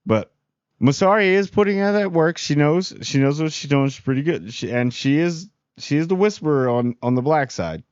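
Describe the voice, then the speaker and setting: A man's voice: a little high, expressive, darkish tone, smooth, no echo, lo-fi sound. Slangy casual man reviewing a show. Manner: slangy, rambling, acts out characters in quick voices.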